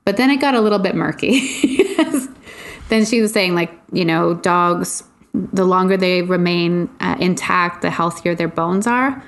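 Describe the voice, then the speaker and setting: Gravelly-voiced woman telling a rambling story. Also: fairly low pitch, measured pace. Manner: rambling, laughs often. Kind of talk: casual chat, storytelling.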